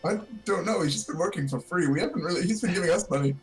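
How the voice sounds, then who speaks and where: Eager rambly guy playing a tabletop game, pretty high voice. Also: quick pace, faint music behind. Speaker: player. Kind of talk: in-character tabletop play.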